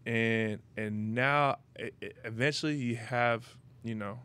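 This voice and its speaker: A man's voice: medium pitch, fairly even intonation, unhurried, sharp tone, smooth. A young man hosting a podcast, telling personal stories in a loose, rambling way, full of "you know what I mean" and casual swearing. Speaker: podcast host. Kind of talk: casual chat, personal storytelling.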